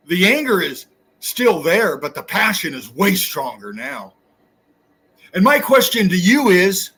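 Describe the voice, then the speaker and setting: A man's voice: high-pitched, expressive, moderate pace, a bit bright, slightly rough. A man hosting his own channel, delivering an angry, profane, preachy rant straight at his viewers. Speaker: channel host. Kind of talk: angry ranting monologue.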